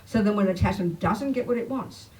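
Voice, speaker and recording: A woman's voice: medium pitch, brisk, recorded from a distance, rough recording. Emphatic older woman giving a Dharma talk. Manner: blunt, animated, emphatic. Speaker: Buddhist teacher. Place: talk venue. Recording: faint noise, voice a bit off-mic.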